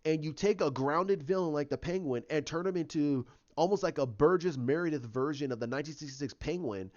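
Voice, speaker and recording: A man's voice: a little high, a little fast, darkish tone. Opinionated man ranting, lo-fi. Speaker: YouTuber. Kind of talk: casual opinion vlog. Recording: dull lo-fi recording.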